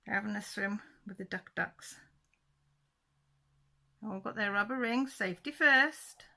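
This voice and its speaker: A chatty woman talks viewers through a book flip-through, chuckling as she goes. Her voice is bright and forward with a gravelly rasp at the edges. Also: mid-range voice, steady tone, measured pace. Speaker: channel host.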